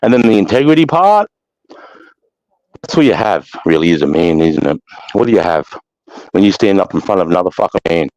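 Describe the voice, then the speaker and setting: Low-pitched and animated, this Australian live chat host talks briskly with frequent pauses and a slightly mellow tone. He swears heavily and preaches emphatically in a blunt, casual monologue. The lo-fi recording is dull and dry, with no room sound.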